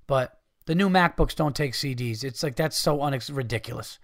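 A man's voice: medium pitch, moderate pace, dry recording, clean studio sound. A man hosting a podcast, ranting in a profane, exasperated way. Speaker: podcast host. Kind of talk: casual ranting monologue.

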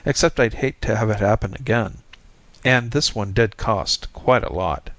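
A man reading as a fretful, polite older man who speaks hesitantly and slowly. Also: lowish voice, fairly bright tone, no echo, close to an everyday voice. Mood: mild, weary. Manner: hesitant, apologetic, slow.

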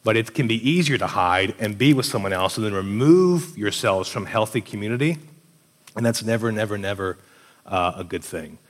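A young man chats through relationship advice, telling stories and slipping into quoted voices. His voice sits on the low side, and the recording carries a long, roomy reverb. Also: moderate pace. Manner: animated storyteller, acts out quoted voices. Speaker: co-host giving relationship advice. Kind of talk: casual advice talk with stories.

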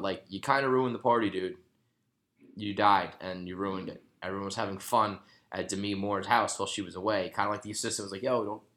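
Male host in his thirties with a lowish voice, rambling, profane, jokey news commentary. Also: a bit bright.

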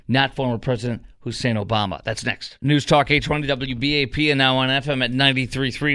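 A male talk radio host with a mid-range voice that is sharp, clear and resonant takes calls and offers commentary on his call-in show. Into a studio microphone he sounds indignant and emphatic, leaning on lots of fillers, in a dry recording.

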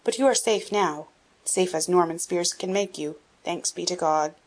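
A woman's voice: lowish voice, normal speed, close to an everyday voice. A woman doing a cheerful loyal boy page. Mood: eager.

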